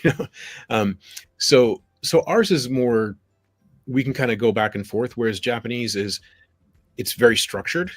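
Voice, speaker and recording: A man speaking as a guest on a live stream, telling anecdotes in an animated way and acting out little quoted lines. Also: medium pitch, unhurried, pauses often, no room sound. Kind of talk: conversational live stream chat.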